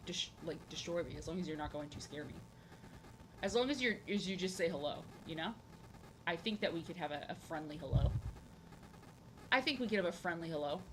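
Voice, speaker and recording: A young woman streaming as she draws, chatting casually and rambling, often repeating herself and filling pauses with "um" and "like". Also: on the low side, pushed and bright, a little hiss or hum, low-quality recording. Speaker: art streamer. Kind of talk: casual chat while drawing on stream.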